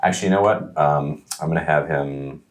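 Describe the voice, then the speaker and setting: Very deep-voiced man playing a tabletop game. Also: fairly quick. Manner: joking, hesitant. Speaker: player. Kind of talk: casual tabletop play.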